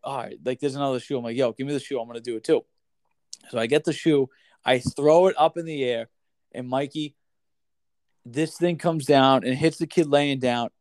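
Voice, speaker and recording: A man telling a rambling, animated story in casual podcast chat, swearing freely and saying "like" and "dude" a lot. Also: medium pitch, dry recording.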